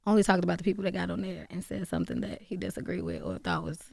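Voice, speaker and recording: A woman in her late thirties, a comedian guest chatting on a radio show, loud and laughing, swearing freely. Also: fairly low pitch, sing-song, racing, creaky. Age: 30s. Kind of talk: casual radio interview chat.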